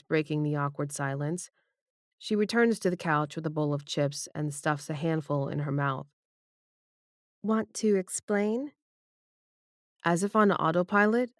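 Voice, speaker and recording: A woman narrating a first-person romance audiobook in an intimate, expressive reading. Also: sits low, dry recording, studio quality.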